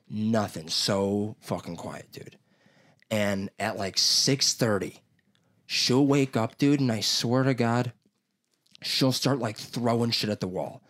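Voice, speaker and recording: A man's voice: lowish voice, unhurried. Young man rambling in casual chat. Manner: rambling, swears a lot, does loud impressions. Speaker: podcast host.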